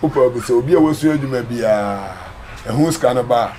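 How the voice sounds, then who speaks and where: A man's voice: medium pitch, quick pace. A Ghanaian man talking casually as an interview guest, telling his story with repeated phrases. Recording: loud background noise.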